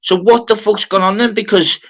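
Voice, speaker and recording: Bright-voiced man hosting a live stream. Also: high voice, steady tone, moderate pace. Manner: blunt, sweary, pushes for answers. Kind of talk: casual live stream chat.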